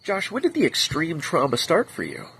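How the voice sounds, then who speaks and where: A man playing a stiffly professional male therapist in a comedy skit, asking flat, clinical questions. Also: on the high side, moderate pace, vocal fry, husky, heavily acted, low-quality recording. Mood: prim.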